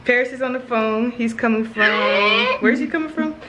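A woman's voice: a little high, moderate pace, background noise. A young woman vlogging in a laid-back, slangy way, often laughing as she talks. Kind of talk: casual vlog chat.

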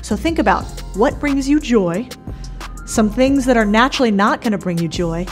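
A woman's voice: fairly high pitch, animated, normal speed, soft background music. Blunt, casual woman giving money advice. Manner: blunt, casual, swears freely. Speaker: business creator and host. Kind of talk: direct-to-camera advice talk.

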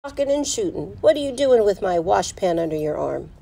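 A man's voice: high voice, big pitch swings, brisk, creaky, warm tone, exaggerated voice, poor audio. A woman reading aloud voices a boisterous bearded gold-rush miner who talks in a chatty, folksy backwoods way. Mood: gruff folksy.

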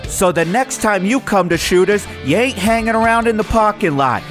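A man's voice: high voice, lively intonation, moderate pace, a bit bright, faint music behind, voice pushed up. A man reading a brash radio ad for a bar and buffet as a pushy hard-sell announcer, half singing some lines.

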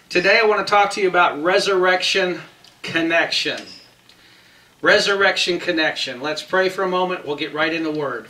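High-voiced man preaching slowly in a roomy space. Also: sharp tone, far from the mic. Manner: slow, emphatic preaching with drawn-out phrases. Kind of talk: sermon.

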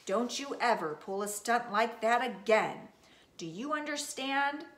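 A woman's voice: fairly high pitch, animated, a little slow, a bit bright, pitched above the performer's own voice. A woman reading a children's book aloud, voicing a stern father scolding his young daughter in a firm tone. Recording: roomy echo.

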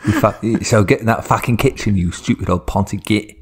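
A man's voice: lowish voice, a little fast, slightly rough. A man voicing a brash, foul-mouthed teenage boy with a Cockney accent who bosses his dad around. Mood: bossy. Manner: swearing, bossy, shouting orders.

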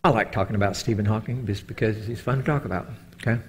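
A man giving a casual Bible teaching talk, telling animated stories and often checking in with his listeners. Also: fairly low pitch, fast talker. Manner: animated storytelling, keeps asking "okay?".

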